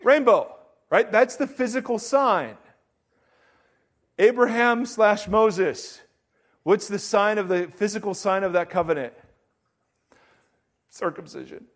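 A man preaching a sermon with a high voice. He is animated and quick to joke with his congregation. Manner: animated, joking, reads scripture aloud. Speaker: pastor.

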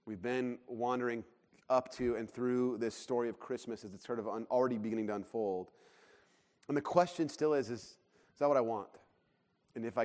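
Male pastor, 30s, slightly high voice, animated storytelling sermon, long hall reverb. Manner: animated storytelling, acts out child's shouts. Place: church sanctuary.

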